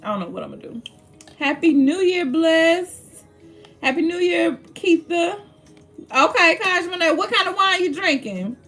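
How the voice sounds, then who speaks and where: Woman livestream host, high voice, chatty, greets viewers by name. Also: lively intonation, normal speed, a bit bright, faint music behind. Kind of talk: casual livestream chat.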